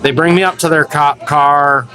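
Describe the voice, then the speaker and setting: A man's voice: on the high side, moderate pace, soft background music, rough recording. A man telling a wild, profane story in casual bar talk, acting out the voices of the people in it. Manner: profane, animated, acts out quotes. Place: local bar.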